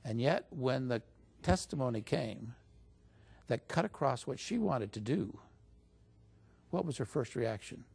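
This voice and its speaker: A man as an interview guest, retelling a story in a conversational, animated way and jumping up in pitch when he quotes others. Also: unhurried, vocal fry, pauses often, breathy edge.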